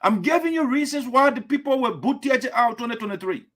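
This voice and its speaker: A man's voice: extremely high pitch, lively intonation, fast, fairly bright tone. A man hosting political radio commentary, scornful and lecturing. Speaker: host.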